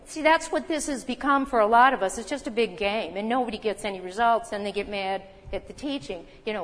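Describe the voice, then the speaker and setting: A woman delivers a sermon in an earnest, emphatic way, turning to the congregation with rhetorical questions. Her voice sits a little high, and a long reverb trails behind it as it rings through a large hall. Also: brisk, hardly any pauses, fairly bright tone. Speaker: preacher.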